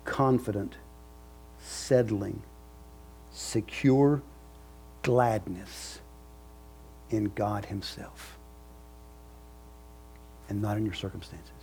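A man's voice: fairly low pitch, steady tone, very slow, pauses often, a little mellow, soft background music. A male pastor preaching a sermon with an emphatic, repetitive cadence.

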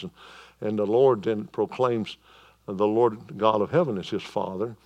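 Loud preacher man. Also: fairly low pitch, measured pace. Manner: emphatic, swinging between loud proclamation and quiet calm. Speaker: pastor. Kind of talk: sermon.

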